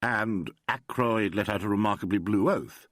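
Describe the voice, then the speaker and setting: A man doing a wry, calm detective. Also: lowish voice, moderate pace, no room sound, clean studio sound, close to an everyday voice. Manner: crisp, courteous, wry.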